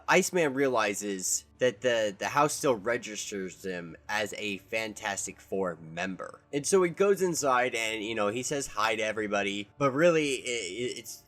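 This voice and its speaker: A man's voice: on the low side, a bit bright. A man casually recapping a comic book issue, rambling along with many restarts. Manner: rambling, with lots of fillers and restarts.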